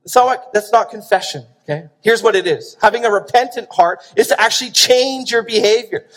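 A man's voice: high voice, fairly quick, a bit bright. Man, pastor, sermon, emphatic, rhetorical questions, long hall reverb.

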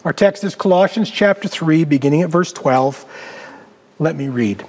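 A man preaching a storytelling sermon, dramatic, dropping his voice low for emphasis. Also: normal speed, big-room sound, a little hiss or hum. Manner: dramatic, varies pitch and loudness, drops low for emphasis. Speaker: pastor.

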